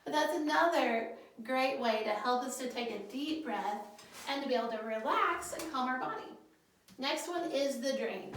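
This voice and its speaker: A woman school counselor giving a guidance lesson to children, gently leading breathing exercises step by step. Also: high-pitched, distant mic. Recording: echoey room, voice set back from the mic.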